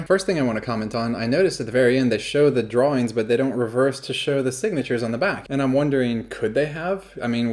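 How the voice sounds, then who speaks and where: A man's voice: mid-range voice, a little mellow. A man hosting a casual reaction video, chatty and upbeat, talking through his thoughts on a magic act. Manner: upbeat, chatty, laughs easily. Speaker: YouTube reaction host.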